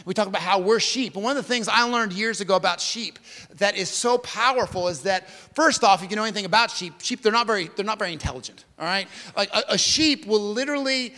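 A male pastor delivering an impassioned sermon at a church service, swinging from hushed to emphatic. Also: high voice, animated, brisk, in a large hall.

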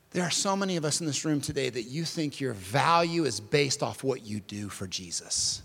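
A male pastor delivering an impassioned sermon at a church service, swinging from hushed to emphatic. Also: mid-range voice, expressive, moderate pace, creaky, hardly any pauses, in a large hall.

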